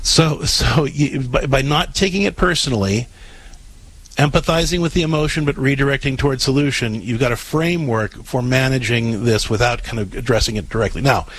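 Husky-voiced man giving advice. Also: mid-range voice, brisk, fairly bright tone, rough recording. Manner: earnest, explanatory, repeats words when starting sentences. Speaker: radio advice show host. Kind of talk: advice call-in talk.

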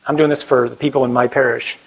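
A man speaking as a priest, giving an animated talk and then leading a prayer, acting out quoted voices as he goes. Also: medium pitch, fast, gravelly, low-quality recording.

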